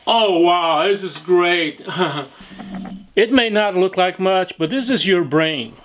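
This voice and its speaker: A man with a high voice plays a mock presenter with earnest conviction. He rambles loosely from one point to the next. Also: slow pace, fairly bright tone, a little hiss or hum. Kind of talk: mock-presenter comedy bit.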